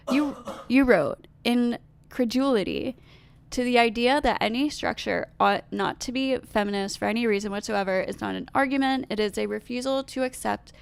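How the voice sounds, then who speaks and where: A woman with a stuffy nose reading viewer comments aloud and giving her own measured replies, with fillers and pauses. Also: a little high, gravelly, clean tone. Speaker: commentary video host.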